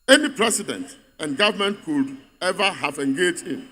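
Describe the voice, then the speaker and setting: A man's voice: high-pitched, lively intonation, moderate pace, bright, forceful tone. Emphatic man giving a rally speech. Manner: emphatic repetitive oratory. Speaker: political speaker at a party congress. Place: large congress venue. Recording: reverberant hall.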